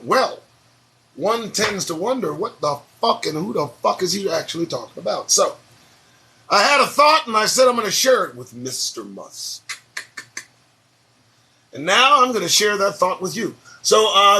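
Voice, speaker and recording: A man's voice: sits high, sharp tone. A man hosting his daily morning talk show, rambling and swearing casually as he drifts between topics. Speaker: show host.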